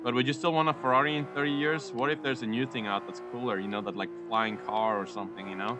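A young man talks through a racing game in loose, jokey chatter, laughing easily and getting worked up at close calls. His voice sits at an ordinary middle pitch. Clear background noise runs under the whole recording. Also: fast talker. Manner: excitable, giggly, jokey running chatter. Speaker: gaming YouTuber. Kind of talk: casual gameplay commentary.

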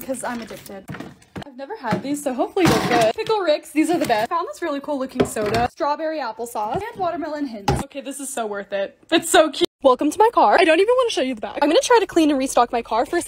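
A young woman chatting through her own vlog, narrating each task step by step in an excitable, casual way. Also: sits high, quick pace, heavy background noise. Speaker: TikTok creator.

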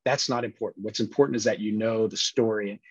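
A man with a breathy, husky voice talks through his acting experience in a relaxed interview. He rambles earnestly and restarts his sentences often. The audio is dull and muffled, with no room sound at all. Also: fairly low pitch, fast talker, no room sound. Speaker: actor and former police officer, podcast guest. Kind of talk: casual interview chat.

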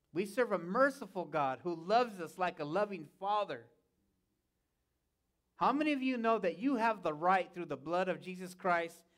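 High-voiced man preaching a sermon. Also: a bit bright. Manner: preaching with repeated calls of "Amen?" to the congregation. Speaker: pastor. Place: church sanctuary.

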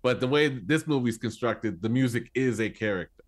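An earnest man co-hosting a casual film review podcast. He talks in long, running sentences at an ordinary mid pitch, leaning on his points with emphasis. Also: lively intonation, normal speed. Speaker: podcast co-host.

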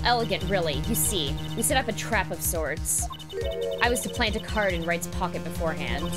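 A woman voicing a sly female card dealer in a put-on bad Russian accent, gruff and clipped, for a game read-through. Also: mid-range voice, voice pushed down, natural voice. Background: music.

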